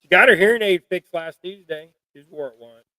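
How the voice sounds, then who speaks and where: A middle-aged fishing channel host with a high, fairly quick, sharp-toned voice chats casually on a live stream while tying jigs at home. His talk rambles in a folksy, self-deprecating way. The low-quality recording has no room sound.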